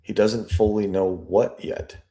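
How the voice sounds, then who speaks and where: Slow, deep-voiced man analyzing a statement. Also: steady tone, mellow. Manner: slow, deliberate, musing aloud. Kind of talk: reading and analyzing a transcript.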